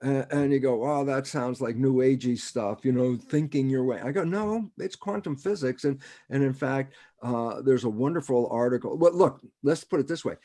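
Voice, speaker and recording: A man's voice: medium pitch, moderate pace. Man explaining with rhetorical questions. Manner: rhetorical, keeps asking himself "why is that relevant?"; chuckles often, animated. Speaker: guest speaker. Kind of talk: conversational science explainer. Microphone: video call.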